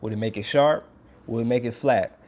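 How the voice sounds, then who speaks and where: This trumpet teacher speaks briskly in a medium-pitched, somewhat mellow voice during a casual lesson for viewers. Upbeat and hands-on, he puts on strained voices as demonstrations.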